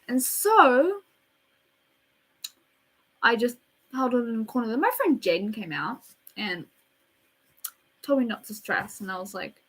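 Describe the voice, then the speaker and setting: A teenage girl chatting casually in a storytime vlog, rambling and dramatic, with quiet asides. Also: on the high side, expressive, moderate pace, long pauses, low-quality recording. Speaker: vlogger.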